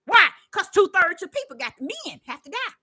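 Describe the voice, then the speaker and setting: A fervent woman delivering a rambling preaching monologue in a high, bright voice. Her pitch leaps all over the place, and she swings from hushed asides to outright shouts. She stammers and restarts as she goes. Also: big pitch swings, fairly quick. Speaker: self-styled prophetess.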